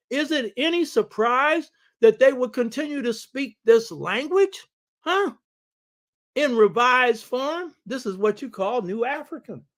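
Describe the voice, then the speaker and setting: A man with a notably high voice gives a spirited lecture as host of his own show. He talks in a preacherly, emphatic way, pressing listeners with quick rhetorical questions and hammering home key phrases by repetition. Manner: repeats key phrases for stress. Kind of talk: lecture on history and culture.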